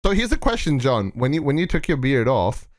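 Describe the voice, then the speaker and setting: A man's voice: medium pitch, sing-song, brisk, no room sound. Teasing man on a dry-sounding podcast. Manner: teasing, laughing, asks playful questions. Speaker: podcast co-host. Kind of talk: casual chat among friends.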